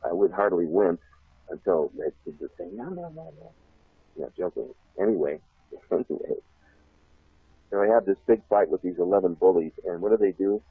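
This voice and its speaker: A man's voice: low voice, moderate pace, slightly rough. A man telling a long personal story as a guest in an interview, chuckling often and circling back on himself. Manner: laughs often, repeats himself, animated. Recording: tinny phone line, dry.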